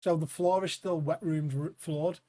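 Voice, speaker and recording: A man co-hosting a comedy podcast, talking in excitable casual banter and breaking into loud silly shouts and laughter. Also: a little high, normal speed. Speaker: podcast co-host.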